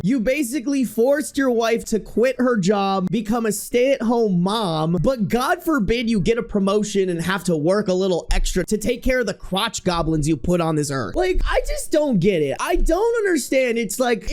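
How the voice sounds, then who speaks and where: Lively young woman reading stories aloud. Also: fairly high pitch, moderate pace, few pauses. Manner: animated, swears freely in casual slang. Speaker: online streamer reading reddit posts.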